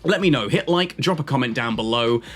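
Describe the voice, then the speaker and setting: A man's voice: medium pitch, lively intonation, a little fast, faint music behind. A man chatting casually with his viewers as he plays a game and narrates, rambling from one thought to the next. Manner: chatty, rambling stream of consciousness. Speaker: gaming YouTuber. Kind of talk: casual commentary while playing.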